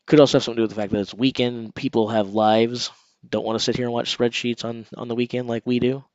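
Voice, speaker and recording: A man's voice: medium pitch, level tone, quick pace, a little mellow, no room sound, dull audio. A man hosting a casual live stream, chatting straight to his viewers. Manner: conversational, talks straight to viewers.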